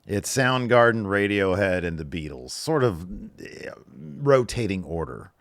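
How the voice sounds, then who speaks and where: A man's voice: lowish voice, big pitch swings, measured pace, vocal fry, no room sound. A man in his thirties hosting a podcast, reading viewer questions aloud and answering them in a loose, joking way. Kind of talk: casual solo Q&A chat.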